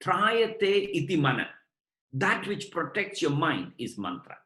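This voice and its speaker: Man teaching a scripture lecture, very slow careful delivery, echoey room. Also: on the high side, big pitch swings, pushed and bright. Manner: measured, explanatory, addresses listeners as brothers and sisters. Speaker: spiritual lecturer. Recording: roomy echo.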